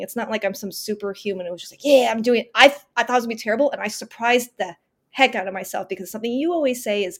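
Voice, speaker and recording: A woman around thirty, sharing a personal story as a podcast guest. Her voice sits somewhat high, and she speaks with earnest emphasis, stumbling into restarts and playing out her own inner dialogue as she goes. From Northern California. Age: 30s.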